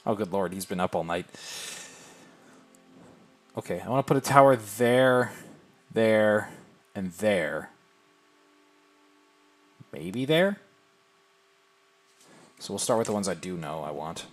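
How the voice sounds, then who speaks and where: Streamer, male, lower register, chatty and self-deprecating, talks to chat as he plays. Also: expressive, slow pace, pauses often. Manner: thinks aloud and answers viewer chat. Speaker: game streamer. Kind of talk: casual live-stream chat while playing.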